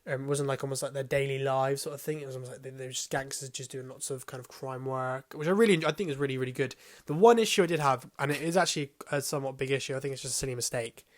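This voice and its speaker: A man's voice: mid-range voice, quick pace, few pauses. A man gives a casual, rambling film review, full of hesitations and casual swearing.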